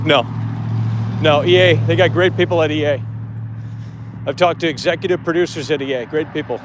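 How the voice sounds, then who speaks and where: A man's voice: a little high, moderate pace, pauses often, noisy background. A man hosting a live gaming show outdoors, talking bluntly and profanely in a casual rant.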